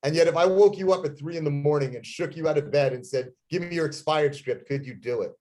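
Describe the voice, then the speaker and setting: A man's voice: a little high, quick pace, warm tone, soft background music. A man speaking as a guest real estate agent, giving an intense, emphatic motivational talk on sales scripts. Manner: intense, emphatic, plain-spoken.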